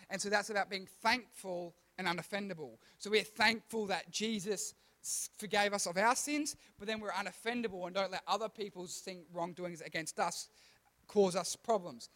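A man's voice: high-pitched, steady tone, moderate pace, a bit bright. A young man giving a casual, chatty sermon to children, often asking the room questions and laughing at his own slips. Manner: chatty, self-deprecating, stumbles and restarts, asks the room questions. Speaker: youth pastor.

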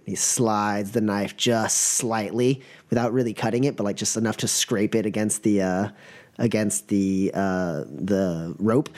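A man's voice: lowish voice, fairly even intonation, measured pace, darkish tone. Casting: laid-back male game master narrating scenes, lots of fillers. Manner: casual, filler-heavy narration.

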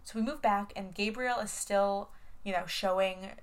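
A woman's voice: medium pitch, fairly even intonation, normal speed. A young woman co-hosting a casual podcast, rambling through a recap with filler words and playful swearing. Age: young adult. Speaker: podcast co-host. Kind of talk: casual chat.

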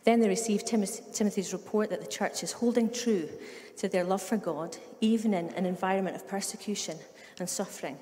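A woman's voice: medium pitch, brisk, few pauses, mellow. A middle-aged woman with a Scottish accent, a pastor giving a conversational sermon full of humorous stories and asides. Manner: chatty storyteller with humorous asides. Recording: long reverb of a large room.

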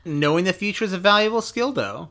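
A woman's voice: mid-range voice, animated, fast, fairly bright tone. A woman co-hosting a casual book podcast, musing and hesitant with dry asides. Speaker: podcast co-host. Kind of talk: casual book discussion chat.

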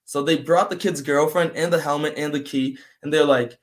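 A man's voice: on the high side, normal speed, hardly any pauses. Brazilian man telling a tense street story. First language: Portuguese. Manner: animated, acts out voices in quotes, fills with "man" and "like". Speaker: guest. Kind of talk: casual storytelling interview.

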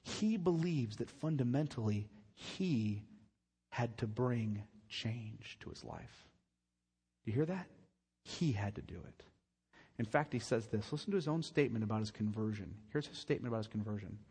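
Husky preacher guy hammering his points with questions, big echoey church. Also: mid-range voice, expressive, normal speed, mellow. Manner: emphatic, repeating phrases and asking the congregation rhetorical questions. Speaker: pastor. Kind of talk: sermon. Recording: long reverb of a large church hall.

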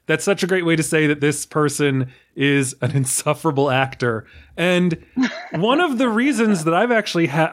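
Rambling, higher-voiced male podcast host. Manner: rambling, self-deprecating, casually profane. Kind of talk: casual podcast chat.

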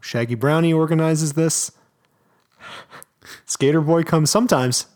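A man's voice: on the high side, a little slow. A man co-hosting a podcast in casual chat, telling stories with enthusiasm and joking around. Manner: animated storyteller, enthusiastic, jokey. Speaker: podcast co-host.

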